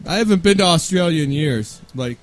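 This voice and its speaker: A wisecracking man co-hosting a radio show, his voice sitting a little high and trading quips in loose, self-mocking banter. Faint music plays under the talk. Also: lively intonation, a little fast.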